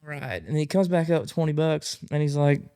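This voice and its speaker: Gravelly man telling road stories. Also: a little high, fairly quick. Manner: animated storyteller acting out quotes. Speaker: podcast co-host, banjo player. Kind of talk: casual chat.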